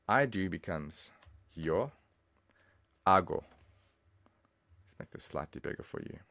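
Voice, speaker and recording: Deep-voiced guy teaching a lesson, super casual, dry no-echo sound. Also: lively intonation, takes it slowly, creaky, bright, forceful tone. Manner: casual, chatty, addresses viewer directly. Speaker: language teacher. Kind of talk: online language lesson.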